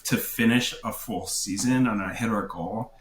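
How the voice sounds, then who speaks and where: A man's voice: on the low side, normal speed. A man wedding photographer chatting as a podcast guest, easygoing and rambling with many fillers. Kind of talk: casual podcast chat. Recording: roomy echo.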